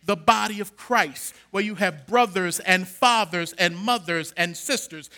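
A middle-aged pastor preaches to his church in a high, piercingly bright voice. He builds to loud, emphatic bursts and calls out to the people in the pews. His tone stays ringing and sharp even when he drops to a quieter passage. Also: measured pace, few pauses. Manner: preaching with rising emphatic bursts and call-outs to the congregation. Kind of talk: sermon.

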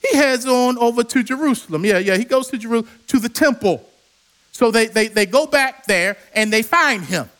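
Brief: male preacher, sermon, very high and ringing voice, dramatic storyteller. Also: expressive, normal speed, fairly bright tone. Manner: dramatic storytelling with call-and-response.

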